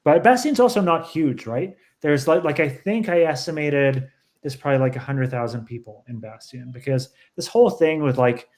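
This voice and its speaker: A man talks about his own novel on a video call. He rambles thoughtfully, circling back and restarting his sentences. His pitch is ordinary, neither high nor low. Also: expressive, normal speed, few pauses, a little mellow. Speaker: author as guest. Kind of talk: casual book discussion.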